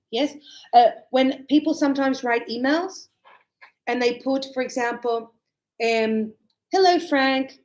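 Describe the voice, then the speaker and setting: A middle-aged woman teaching an English class, chatty and animated, acting out examples with loud calls. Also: sits high, low-quality recording. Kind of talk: classroom lesson.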